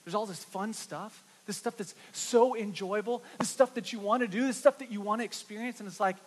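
A middle-aged man preaching a sermon, telling an animated story with lots of repeated words. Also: sits high, a little fast, few pauses. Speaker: pastor. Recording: reverberant hall.

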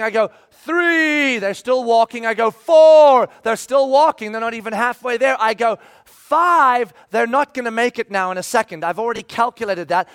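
Delivering a sermon, a high-pitched pastor in his forties recounts a personal story with animation, breaking into shouting as he acts out scenes.

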